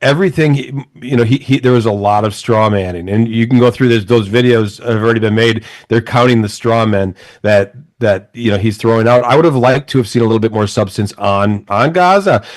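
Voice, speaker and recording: Measured man in a dry, close room. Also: on the low side, no room sound. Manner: measured, hesitant, many restarts. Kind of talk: casual political talk.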